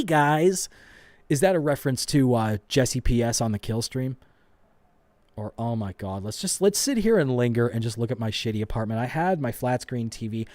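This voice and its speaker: A man's voice: mid-range voice, a little mellow, no echo. Male host, rambling profane reaction commentary, dry and close. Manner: profane, self-mocking, rambling.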